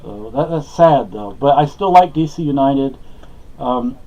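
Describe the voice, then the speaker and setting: A man's voice: mid-range voice, expressive, a little slow, mellow, highs cut off. A man talking casually to camera in a rambling, hesitant way, full of fillers and restarts. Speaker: vlogger.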